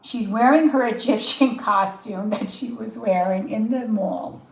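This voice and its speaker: A woman's voice: fairly high pitch, a little slow, vocal fry, reverberant, low-quality recording. A woman livestreaming as a tarot reader, telling a story casually with a stuffy, sniffly nose and acting out the quotes. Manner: chatty, animated, laughs often, acts out quotes.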